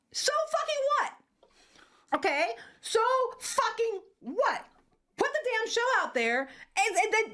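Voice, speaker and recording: A woman's voice: very high voice, a bit bright. A woman co-hosting a casual podcast chat, ranting in a heated, profane, sarcastic way. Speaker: co-host.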